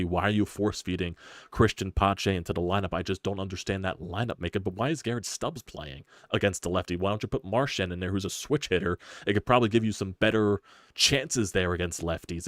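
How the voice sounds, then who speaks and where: A man hosting a live sports stream, ranting in frustration with rapid-fire rhetorical questions and profanity. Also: deep voice, dry recording, studio quality. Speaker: sports channel host.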